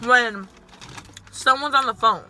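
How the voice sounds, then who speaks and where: A young adult woman who works at a sandwich shop chats casually as a guest while eating, repeatedly jumping in with her own work stories and quoting her customers. Her voice is high, pushed and bright, with a little hiss or hum in the recording.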